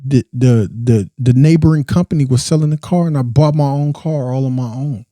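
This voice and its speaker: A man's voice: mid-range voice, normal speed, warm tone, dry recording. A young adult man hosting a podcast, giving a blunt, profane, impassioned casual monologue. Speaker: podcast host.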